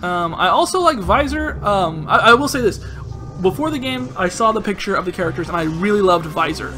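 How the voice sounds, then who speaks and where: A young man doing gameplay commentary, excitable and self-mocking, yelling in bursts. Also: sits high, slight background noise. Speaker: gaming channel host. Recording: music playing loudly underneath.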